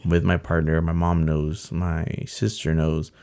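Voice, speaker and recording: A young man telling a personal story in casual talk, earnest and halting, with many fillers. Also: low voice, little pitch movement, a little mellow. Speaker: guest telling his story.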